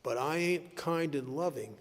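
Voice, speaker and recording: A man speaking at a recovery meeting, telling stories in an animated way and laughing at his own tales. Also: on the high side, a little slow. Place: meeting hall. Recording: echoey hall recording.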